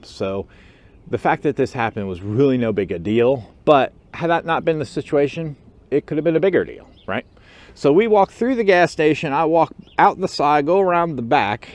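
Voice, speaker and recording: A man hosting his own channel, telling a story in a casual, animated way and acting out the other people in it. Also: medium pitch. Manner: animated storyteller who acts out quotes and chuckles. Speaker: motorcycle club officer and channel host.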